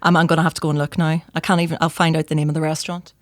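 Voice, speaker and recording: A woman, on the low side of pitch, telling funny stories in a relaxed podcast chat. She talks close to the microphone in a dry, dead room. She keeps acting out the voices of the people in her stories. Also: very fast, no echo. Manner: lively storyteller, acts out quoted voices.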